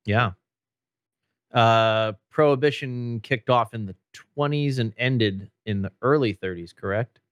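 A male podcast host in relaxed conversation agrees easily and thinks aloud about details. His voice sits at a middling pitch, and the recording is close and dry with no room sound. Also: unhurried, no echo. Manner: agreeable, chiming in with short affirmations. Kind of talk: casual chat.

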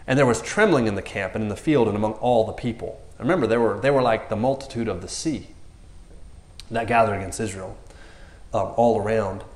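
A man's voice: on the low side, brisk, echoey room. A man preaching a casual, joking sermon, acting out the characters in raised voices. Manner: animated, jokey, acts out characters with raised voices.

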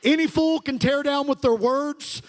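With an extremely high pitch and normal pace, a middle-aged man preaches a fervent call-and-response sermon as pastor of a church sanctuary. The sound has the long reverb of a big hall.

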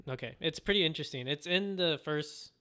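A man's voice: fairly high pitch, a little fast, pushed and bright, smooth. A man co-hosting a podcast, casually retelling an anime episode in a rambling way and acting out the characters' lines. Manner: rambling storyteller, acts out quoted voices. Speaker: podcast co-host. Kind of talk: casual anime recap chat.

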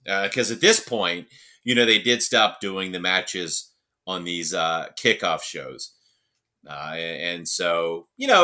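Male podcast host, lowish bright voice, blunt and profane, casual rant-style review. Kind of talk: casual wrestling review monologue.

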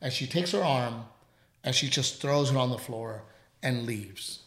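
A male radio host spinning a story in loose, rambling chat, full of "you know" and restarts. His voice sits at a middle pitch, and the sound carries some room echo. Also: unhurried. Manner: animated, rambling, frequent fillers.

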